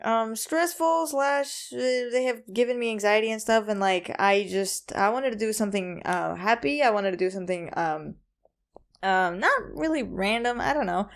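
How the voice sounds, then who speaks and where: A woman's voice: mid-range voice, lively intonation, normal speed, gravelly. A young woman hosting a casual solo podcast, rambling with lots of ums and likes, a bit anxious and self-conscious. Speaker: podcast host.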